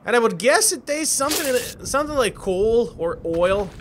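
A man commenting energetically on his own gameplay, often shouting and laughing as he plays. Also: very high voice, big pitch swings, normal speed, noisy background. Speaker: gaming YouTuber. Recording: music playing behind.

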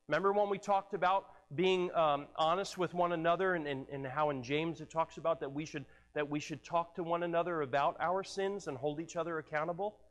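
Man, pastor, sermon, earnest, high-pitched, echoing church hall. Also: fairly bright tone. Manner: earnest, repeats words when stirred. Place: church sanctuary. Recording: long hall reverb.

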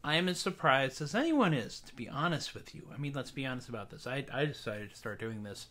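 A man's voice: medium pitch, animated, fairly quick, pushed and bright. A man hosting his own casual livestream show, chatting wryly and self-deprecatingly on a webcam between songs. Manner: wry, self-deprecating, rambling. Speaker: singer-songwriter host. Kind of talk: casual solo livestream chat.

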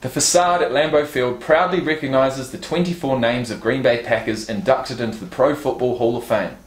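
Speaking at a moderate pace in a medium-pitched voice, a man casually opens fan gifts on his vlog, reads out card stats and a letter, and occasionally swears. The space has a roomy echo.

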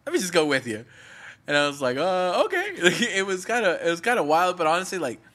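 A young Mexican-American man hosts a casual podcast, speaking quickly in a slightly high, fairly bright voice with lively intonation. He talks earnestly, rambles, and laughs easily.

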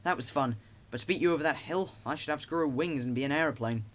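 A man's voice: fairly high pitch, fast, lightly acted. A man voicing a friendly but boastful male bus who teases his rival in a storybook reading.

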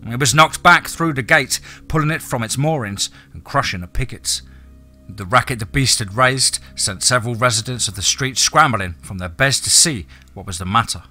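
A male narrator reads a scripted story in a measured, dramatic manner. His voice is very bright and forceful at a middle pitch, with faint music underneath.

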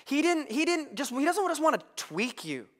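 Young male pastor, high voice, animated comic delivery. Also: normal speed. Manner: animated comic storytelling with congregation call-outs. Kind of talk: humorous sermon. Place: church service with live congregation.

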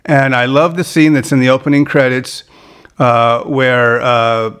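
Podcast host guy, mid-pitch voice, rambly chat full of uhs and restarts. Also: little pitch movement, a bit bright, clean tone. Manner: chatty, halting with many fillers and restarts. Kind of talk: casual interview chat.

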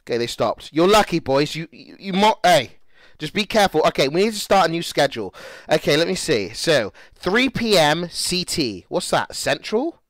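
A young man livestreaming, excitable and swearing as he talks to his chat. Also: fairly high pitch, normal speed, dry recording, clean studio sound. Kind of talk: casual livestream chat to viewers.

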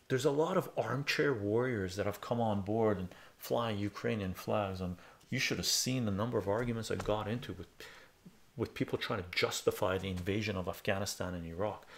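Gravelly low-voiced man ranting on a stream. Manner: heated and profane, with restarts; animated storytelling. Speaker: live streamer. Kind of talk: casual political commentary rant.

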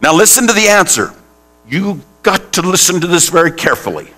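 A man's voice: high-pitched, very animated, a little fast, sharp tone. A male pastor preaching a sermon in a church, putting questions straight to the congregation. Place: church sanctuary.

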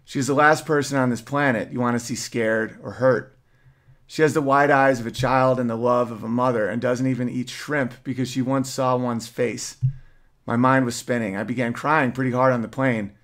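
A man's voice: medium pitch, steady tone, moderate pace. A man, a podcast host, earnestly reading an emotional personal story aloud.

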